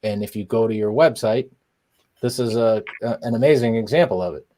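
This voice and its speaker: A man's voice: lowish voice, brisk, warm tone. A man, joking and emphatic in casual banter on a chat show. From Boston, USA. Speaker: co-host sculptor.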